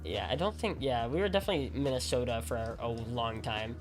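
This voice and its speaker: A man's voice: mid-range voice, quick pace, over music. Rambling man chatting with his stream. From Alabama. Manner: rambling, heavy use of "like", frequent restarts. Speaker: game streamer. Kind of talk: casual chat with viewers while gaming.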